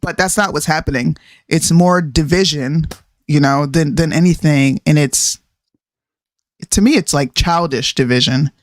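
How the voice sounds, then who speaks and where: A woman's voice: low-pitched, a little slow, no room sound. A woman co-hosting a casual political talk show, giving her opinions emphatically. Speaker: show co-host.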